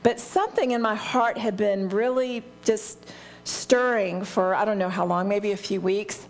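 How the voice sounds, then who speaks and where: A woman's voice: mid-range voice, fairly even intonation, unhurried. An older woman teaching a Bible study, talking in an earnest, heartfelt way and often restarting her sentences.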